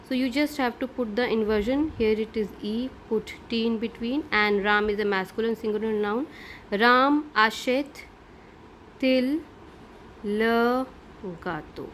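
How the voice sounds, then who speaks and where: A woman's voice: fairly high pitch, fairly even intonation, brisk, a little hiss or hum. A middle-aged woman teaching a French grammar lesson, explaining patiently step by step and checking in with "right?".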